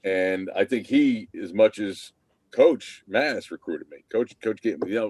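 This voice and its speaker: A man's voice: on the low side, moderate pace, a little mellow, breathy edge, no room sound. A man, a podcast guest who tells long stories over a video call, rambling with many restarts. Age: 50s. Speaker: podcast guest, former team manager. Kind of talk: casual interview storytelling.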